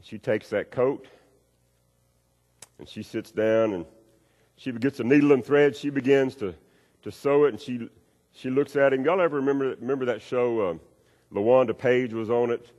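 A man preaching a sermon, acting out a story with swings between loud and hushed delivery. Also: normal speed, long pauses. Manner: storytelling with acted-out voices, wide swings in pitch and loudness. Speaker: pastor. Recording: long reverb of a hall.

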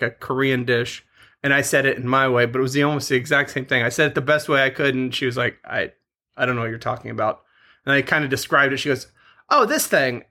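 Young man, twenties, podcast co-host, casual rambling chat, gravelly, bright tone. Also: medium pitch. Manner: laughing, rambling storyteller.

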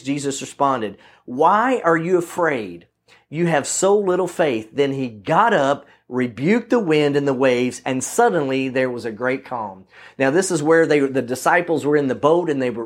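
A man preaching and reading scripture aloud in a somewhat high voice. He presses his points earnestly, climbing into emphatic questions and slowing down on the lines that matter. He often restarts and corrects himself mid-sentence.

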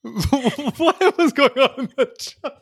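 Unhurried playful woman podcast co-host. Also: high voice, dry recording, clean studio sound. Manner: laid-back, laughs a lot, playful. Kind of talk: casual movie rewatch chat.

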